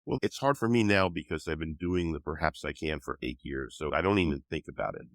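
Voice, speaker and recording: A man's voice: rumbling low, fairly quick, dry recording. An older man with a cold, patiently explaining ideas as a guest author in an interview. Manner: patient, teaching tone. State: has a cold.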